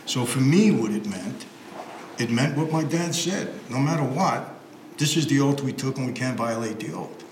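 Brief: a mid-pitched former mobster, measured and plain-spoken, recorded in an echoey room with light hiss. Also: male voice, expressive. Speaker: interview guest, former organized crime member. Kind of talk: reflective interview answers.

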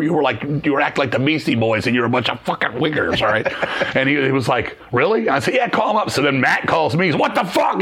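Here a middle-aged man with a medium-pitched, slightly breathy voice chats profanely as an interview guest; he plays in a metal band. His storytelling is quick, blunt and lively, full of cursing and impressions of the people he's quoting.

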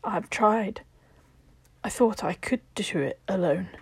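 A woman voicing a fragile, haunted young woman who speaks in hushed, breathy whispers in a told story. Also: medium pitch, a little slow, no room sound, heavily acted.

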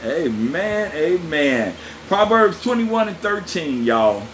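A man preaching a sermon as a pastor, folksy and lively, talking straight to his listeners with laughs and asides. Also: a little high, slow, slight background noise.

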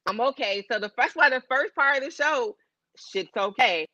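A woman co-hosting a podcast, telling a profane, animated story in casual chat. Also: sits high, normal speed, no echo, dull audio. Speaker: podcast co-host.

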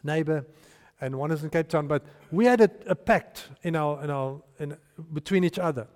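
A man preaching a sermon, animated and storytelling, with restarts and hushed asides. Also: fairly high pitch, moderate pace. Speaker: pastor. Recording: long hall reverb.

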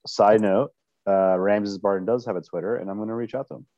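A man co-hosting a casual sports betting chat, chiming in with excitable asides. His voice sits low and comes through a dull, muffled mic. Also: brisk, no echo. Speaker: podcast co-host.

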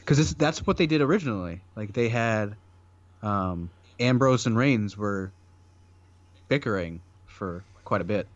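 Chatty low-voiced man, lo-fi sound. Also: lively intonation, a little slow, no echo. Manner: chatty, laughs often, lots of fillers. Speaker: podcast co-host. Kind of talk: casual chat.

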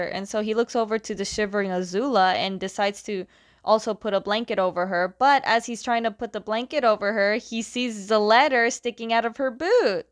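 A woman casually retelling a story's plot in a chatty, animated way, full of "like"s. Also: fairly high pitch, normal speed, no room sound, clean studio sound.

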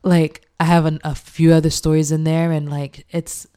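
A young woman chef, animated and laughing often as she acts out quoted speech in a casual interview. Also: sits low, moderate pace, smooth. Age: young adult.

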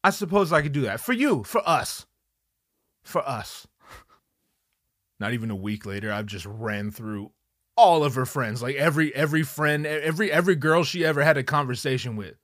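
A man telling a comedic story at his desk, profane and animated, acting out the people in it. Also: medium pitch, normal speed, no room sound, studio quality. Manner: animated, profane, acts out voices.

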